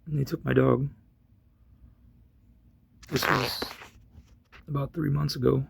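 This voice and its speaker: A man with a gravelly, husky voice casually telling a long personal story, rambling with many restarts and getting loud when he retells his own yelling. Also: medium pitch, fairly even intonation, slow, slight background noise.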